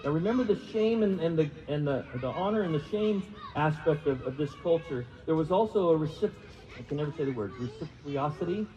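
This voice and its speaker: A man's voice: on the high side, animated, fast, warm tone. A man preaching a sermon in a chatty, self-deprecating way, asking the congregation to repeat words. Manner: conversational, self-deprecating, asks the room questions. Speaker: pastor. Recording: reverberant hall, dull lo-fi sound.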